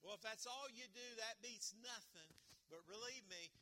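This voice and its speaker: Bright, high-voiced preaching man. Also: moderate pace, slight background noise. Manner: earnest preaching with repetition and rhetorical questions. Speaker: pastor. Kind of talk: sermon.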